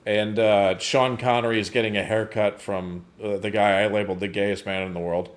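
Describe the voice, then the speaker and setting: A man's voice: on the low side, level tone, fairly quick. A man co-hosting a movie review podcast in casual chat, rambling, laughing often and swearing freely.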